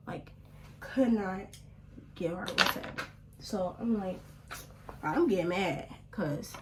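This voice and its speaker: A young woman telling a story casually while she does her makeup at home, often dropping to a hushed whisper. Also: mid-range voice, animated, slow pace, long pauses, noisy background. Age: young adult. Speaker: vlogger. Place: at home, doing makeup at a small mirror.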